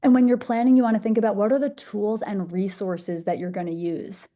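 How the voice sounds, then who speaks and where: A woman's voice: medium pitch, steady tone, fairly quick, dark tone. A young woman presenting a masterclass, bubbly, enthusiastic and conversational. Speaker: social media speaker.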